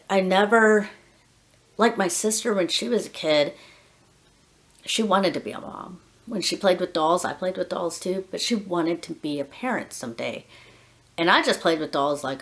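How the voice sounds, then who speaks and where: A young adult woman talking candidly in a casual personal vlog, rambling with many fillers and soft laughs. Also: on the low side, moderate pace. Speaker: vlogger, dog groomer.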